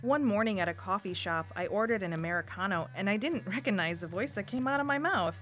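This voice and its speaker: A woman in her thirties from Wisconsin with a Wisconsin accent, reading a personal radio essay in a warm, lightly humorous way. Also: medium pitch, lively intonation, quick pace, faint music behind. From Wisconsin, USA. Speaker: storyteller.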